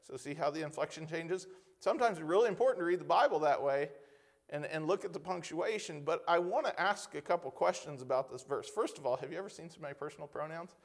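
A man preaching a conversational sermon, asking the congregation rhetorical questions and reading scripture slowly with emphasis. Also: on the high side.

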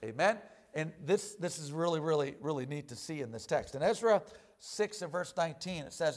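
A man preaching a sermon in an animated way, often calling out "amen?" and "hallelujah.". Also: fairly high pitch, brisk.

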